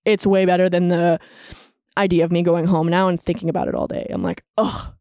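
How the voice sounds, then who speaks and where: A woman's voice: lowish voice, little pitch movement, brisk, dark tone, no echo, studio quality. A young woman in her twenties hosting a solo podcast, talking in a chatty, confessional way full of "like" fillers. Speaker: podcast host.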